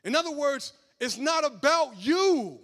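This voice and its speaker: A man preaching a sermon, talking casually with the congregation and building up to loud, emphatic passages. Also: very high voice, expressive, unhurried.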